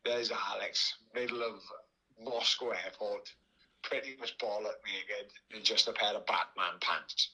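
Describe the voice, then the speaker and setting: A man's voice: lowish voice, fairly even intonation, a little slow, bright, forceful tone, husky, poor audio. A man with a Welsh accent, a podcast guest telling a rambling anecdote, laughing often and restarting his sentences. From Wales. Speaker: podcast guest, former boxer. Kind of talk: casual storytelling.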